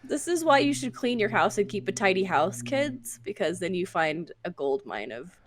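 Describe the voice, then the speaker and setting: A woman's voice: mid-range voice, big pitch swings, normal speed. A woman co-hosting a podcast in casual chat, giggly and rambling with lots of likes. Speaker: podcast co-host.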